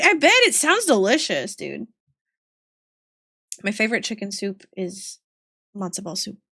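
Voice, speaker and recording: A woman streamer chatting casually with her viewers, giggling often and reacting warmly to their messages. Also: fairly high pitch, dry recording, clean studio sound. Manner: giggly and chatty, talks to chat.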